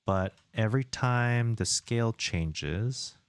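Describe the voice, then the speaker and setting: A man's voice: mid-range voice, expressive, slow pace, smooth, no echo. A man streaming his indie game development, chatting casually, muttering to himself and reading viewer chat aloud while he works.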